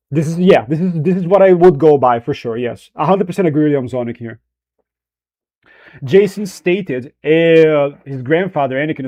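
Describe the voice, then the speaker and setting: A man's voice: medium pitch, dark tone. A man chatting casually on a livestream, rambling, restarting and correcting himself as he goes. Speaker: streamer.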